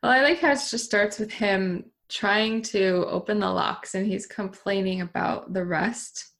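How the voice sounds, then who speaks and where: Gravelly-voiced woman chatting about books. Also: mid-range voice, measured pace, fairly bright tone. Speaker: podcast co-host, author. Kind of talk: casual book discussion.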